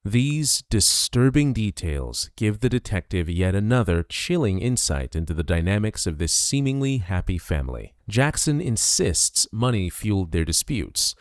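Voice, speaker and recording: A man's voice: on the low side, big pitch swings, normal speed, few pauses, no room sound, clean studio sound. A man delivering scripted true-crime narration in a dramatic, suspenseful way. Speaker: documentary narrator.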